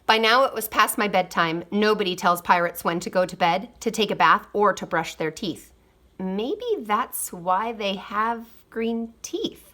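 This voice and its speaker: A woman reading a children's picture book aloud, expressive, with quiet asides. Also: medium pitch, measured pace. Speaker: storybook reader. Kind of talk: storybook read-aloud.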